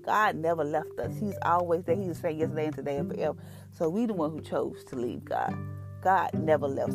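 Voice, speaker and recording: A low-pitched woman talks through a devotional in a loose, earnest, conversational way. She fills her speech with everyday phrasing and fillers. Clear instrumental music plays underneath her voice. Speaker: devotional podcast host. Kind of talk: casual devotional talk. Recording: music bed behind voice.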